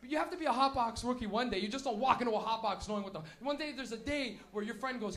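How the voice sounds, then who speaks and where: A man's voice: very high-pitched, fast, fairly bright tone. A young man doing a profane stand-up set, laughing through his stories at a live show. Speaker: stand-up comedian. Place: live show venue with audience.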